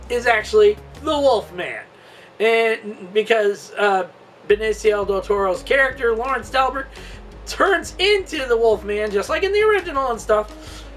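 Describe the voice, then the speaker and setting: A man excitedly retelling a movie's plot in a casual review vlog, cursing, laughing and filling gaps with "and stuff", recorded at a distance with faint music. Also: very high-pitched. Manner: excitable and profane, laughs a lot, filler-heavy.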